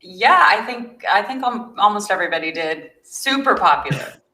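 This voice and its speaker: A woman's voice: mid-range voice, lively intonation, a little slow, bright, forceful tone, roomy sound, low-quality recording. A woman from South Africa, a guest on a talk show, chatting casually in an upbeat way and laughing often. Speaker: guest, magazine founder. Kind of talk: casual interview chat.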